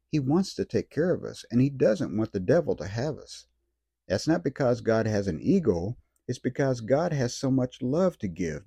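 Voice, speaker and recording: Earnest male preacher, dark husky voice. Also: mid-range voice, no room sound. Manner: earnest, slows down to stress scripture words. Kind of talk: sermon.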